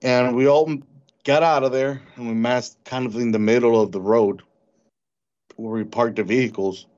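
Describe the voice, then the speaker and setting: A man recounting a frightening encounter in an interview, halting and repeating words as he tells it. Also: mid-range voice, steady tone, a little mellow. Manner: halting, repeats words when shaken, mimics animal sounds. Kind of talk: storytelling in an interview. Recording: dull lo-fi recording.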